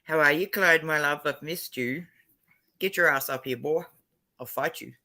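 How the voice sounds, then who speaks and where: A woman's voice: deep voice, moderate pace, pushed and bright, rough recording. A woman hosting a livestream, chatting casually with viewers in a brash, swearing manner. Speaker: livestream host.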